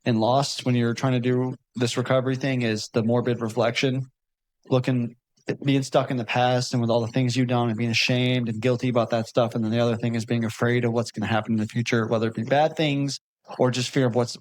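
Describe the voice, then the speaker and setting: A man in his middle register chats loosely in a studio, circling his thoughts with "like" and "you know". His delivery is relaxed and reflective, as if thinking aloud among friends. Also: mid-range voice, brisk, poor audio. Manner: rambling, reflective, frequent fillers. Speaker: podcast co-host. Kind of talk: casual chat.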